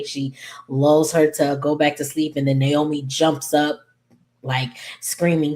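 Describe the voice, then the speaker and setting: A woman hosting her own channel, casually recapping a TV episode with lots of fillers, rambling asides and quick apologies. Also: deep voice, fairly even intonation, a little mellow. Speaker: YouTube TV recap host.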